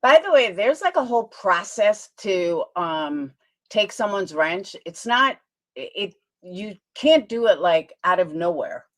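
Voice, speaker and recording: A middle-aged woman talks on a casual livestream, her voice sitting at an ordinary height for a woman. Her pitch swoops up and down as she gushes, and her delivery is animated and effusive. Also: measured pace. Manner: gushing and animated.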